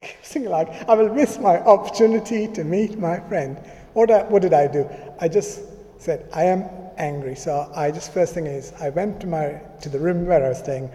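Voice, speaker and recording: A man with a mellow voice on the high side preaches at a moderate speed. The church hall is reverberant, and his sermon unfolds like a conversation, with people's words often dramatized.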